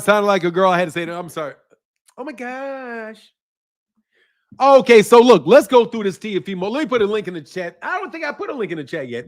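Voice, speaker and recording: Male livestream host, high-pitched, loose slangy banter with chat. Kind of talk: casual livestream chat, reacting to viewers. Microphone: streaming mic.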